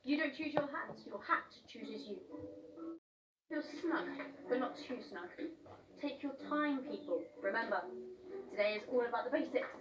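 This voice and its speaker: A young actress plays a peppy, enthusiastic girl who leads a riding club, her voice a little high. Heard from afar in an echoey space with clear noise beneath it. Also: lively intonation, normal speed, long pauses, close to an everyday voice. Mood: excited. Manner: upbeat, enthusiastic. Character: eager young female riding-club leader. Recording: echoey, distant show audio with noise.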